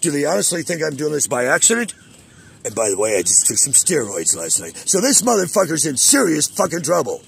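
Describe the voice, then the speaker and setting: A man's voice: a little high, big pitch swings, brisk, gravelly, breathy edge. Furious, foul-mouthed man ranting on a call. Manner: agitated, profane, boastful. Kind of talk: profane angry rant on a call.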